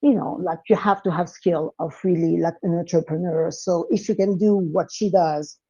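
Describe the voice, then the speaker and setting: A young woman from France with a French accent, chatting as a guest and often pausing with fillers. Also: fairly low pitch, steady tone, warm tone, breathy edge, lo-fi sound. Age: young adult. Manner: hesitant, full of fillers. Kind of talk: casual chat.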